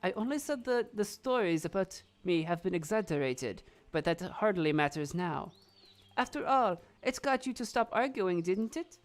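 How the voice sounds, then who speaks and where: A woman voicing a bitter, scornful older village witch in a visual novel, with a low, drawling put-on voice and a vague accent. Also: expressive, moderate pace, natural voice. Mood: stern. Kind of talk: reading a visual novel aloud.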